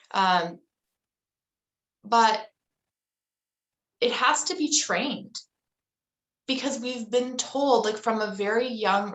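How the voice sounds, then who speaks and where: This middle-aged woman appears as an interview guest, casually telling a story with lots of fillers such as "like" and "um." She has a mid-range, slightly bright voice, captured in a rough recording.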